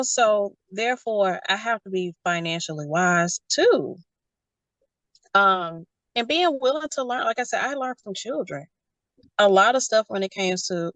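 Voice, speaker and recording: Brief: young adult woman, lively storyteller, dry close sound. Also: medium pitch, no room sound. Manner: animated storytelling, quotes others in character. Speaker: guest. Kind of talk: casual conversation.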